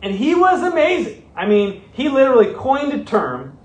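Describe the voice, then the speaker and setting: A middle-aged man, a pastor, telling a story in a sermon with animated, self-mocking humor. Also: very high voice, moderate pace. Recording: roomy, from a distance.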